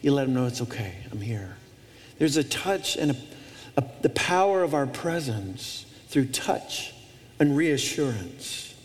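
Male pastor, high-ish voice, emphatic sermon delivery full of repetition, big reverberant sanctuary. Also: lively intonation, a little slow. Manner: emphatic preaching with repeated phrases and restarts. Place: church auditorium. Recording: long reverb of a large hall.

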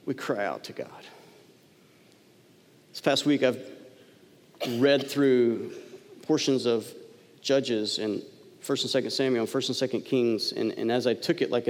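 A man preaches in a church sanctuary, his mid-pitched voice carried by a long hall reverb. He talks to the congregation in a conversational way, dropping suddenly soft and then pushing up into emphatic lines. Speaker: pastor. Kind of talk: sermon.

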